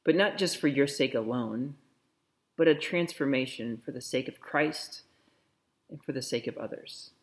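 A man preaching a sermon in a slow, reflective way, softly repeating a blessing. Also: medium pitch. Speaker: pastor.

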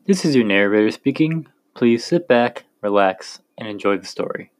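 A man narrating a chapter of a story in a slow, measured reading voice. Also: lowish voice, expressive, low-quality recording.

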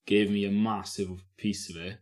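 A man with a fairly low voice talks as a podcast guest. He rambles through his stories with restarts and frequent laughter, in a loose conversational way. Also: flat delivery, normal speed. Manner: rambling storyteller, mumbles and restarts, laughs a lot. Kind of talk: casual chat.

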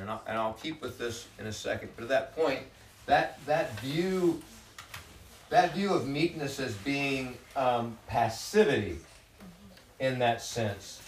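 A man's voice: mid-range voice, animated, unhurried, recorded from a distance, a little hiss or hum. Male Bible study leader, reads scripture and expounds; sits back from the mic in an echoey room. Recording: roomy sound from off-mic.

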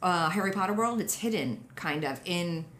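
A woman's voice: lowish voice, expressive, moderate pace, reverberant, a loud crowd. A woman hosting a podcast in casual chat, rambling, trailing off and swearing freely. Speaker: podcast host.

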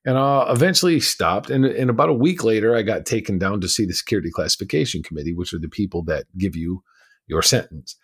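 A man's voice: fairly low pitch, fast talker, a bit bright, breathy edge. A man on a podcast, telling his personal story in a candid, emphatic way. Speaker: podcast guest.

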